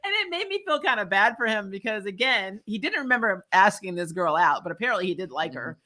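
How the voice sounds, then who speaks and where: A woman talking as a guest in a casual podcast chat, her voice bright and forward. She rants with animation and laughs often between points. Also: mid-range voice, very animated, fast.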